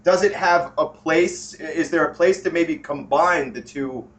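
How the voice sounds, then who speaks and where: A man co-hosting a casual podcast who asks questions haltingly and restarts often. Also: a little high. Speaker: podcast co-host asking questions.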